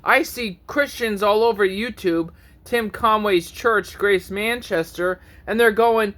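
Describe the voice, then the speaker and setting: A man's voice: high-pitched, slow pace, a bit bright. Ranting preachy man in his thirties. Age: 30s. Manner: preachy, confrontational, swears often. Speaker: vlogger. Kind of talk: ranting monologue to camera.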